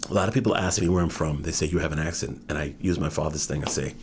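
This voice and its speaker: A man with a non-regional American accent, a guest author telling animated stories in a casual interview. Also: very deep voice, racing, slight background noise. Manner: animated storyteller, drops into impressions.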